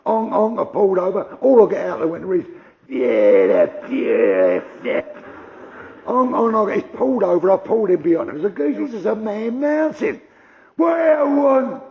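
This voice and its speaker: An older man doing gruff, conversational stand-up storytelling. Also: high-pitched, animated, fast, hardly any pauses, muffled recording. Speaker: stand-up comedian.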